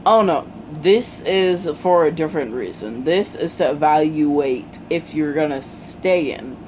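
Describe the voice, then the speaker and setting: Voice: medium pitch, animated, a little slow, a little hiss or hum, lightly acted, poor audio. A storyteller voicing a curt, tired adult male teacher giving orders.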